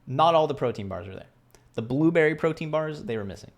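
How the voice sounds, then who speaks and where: A man's voice: a little high, animated, quick pace. A young man casually telling a story to camera in a rambling, self-deprecating way, acting out the voices of the people he quotes. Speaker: vlogger.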